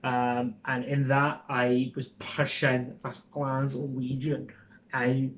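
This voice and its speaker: A man's voice: mid-range voice, completely flat delivery, slow, lo-fi sound, a little hiss or hum. A young Scottish man with a Scottish accent, chatting casually to camera in a rambling, informal way, with lots of ums and swearing. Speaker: vlogger.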